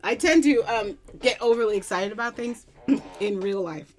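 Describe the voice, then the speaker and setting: A woman from Long Island, chatting casually as a music reaction vlogger at her computer, excitable and giddy, with bursts of squealing. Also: medium pitch, moderate pace. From Long Island, New York. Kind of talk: casual chat.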